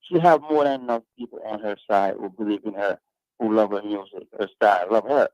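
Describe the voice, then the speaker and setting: A man's voice: fairly low pitch, brisk, darkish tone, no room sound. A man hosting a radio talk panel, arguing his points in an emphatic, preachy way. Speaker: radio talk show host. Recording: dull lo-fi radio sound.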